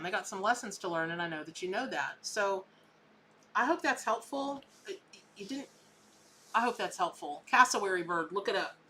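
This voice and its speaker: Bright and forceful, a woman's mid-range voice leads a live, informal psychic tarot session with a little noise in the background. She talks in a chatty, emphatic way and repeats words to drive her points home.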